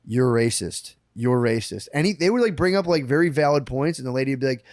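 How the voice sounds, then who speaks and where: A young man hosting a casual comedic chat, excitable and swearing a lot, often acting out the people he quotes. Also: a little high, rapid-fire, no echo, studio quality. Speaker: podcast host.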